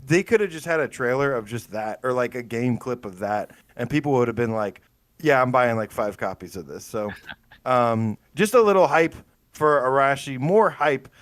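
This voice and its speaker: A man's voice: mid-range voice, moderate pace, no echo. A man co-hosting a casual gaming podcast, telling stories with lots of fillers and rambling enthusiasm. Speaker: podcast co-host.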